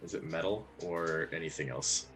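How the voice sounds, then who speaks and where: Male player, very low voice with a bright edge, teasing table talk. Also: moderate pace, faint music behind. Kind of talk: casual tabletop game chat.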